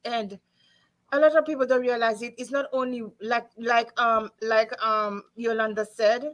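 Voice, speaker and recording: A woman hosting a livestream in a lively, chatty way. She talks easily with her guests and breaks into laughter often. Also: on the high side, moderate pace. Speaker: online show host. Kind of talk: casual livestream chat.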